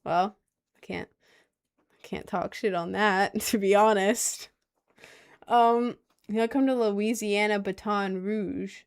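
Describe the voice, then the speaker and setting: A woman's voice: medium pitch, steady tone, slow, long pauses, clear, resonant tone. A young woman hosting a casual livestream, answering her chat in a rambling, giggly way and often repeating herself. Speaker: livestream host reading chat.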